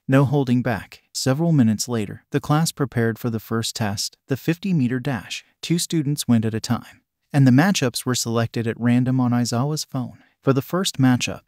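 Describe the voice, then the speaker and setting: Male story narrator, mid-pitched, steady read, dry close sound. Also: moderate pace, dry recording. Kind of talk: scripted fan fiction narration.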